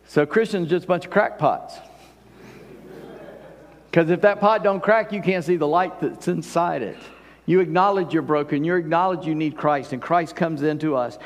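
A man preaching a sermon in a conversational way, rising and falling in volume to stress his points. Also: a little high. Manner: conversational preaching, swells and drops in volume for emphasis. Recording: long hall reverb.

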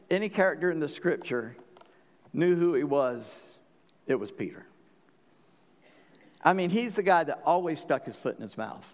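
A man preaching a sermon as pastor, folksy and joking, with bursts of animated storytelling. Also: on the high side, in a large hall. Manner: folksy, joking, animated when quoting scripture.

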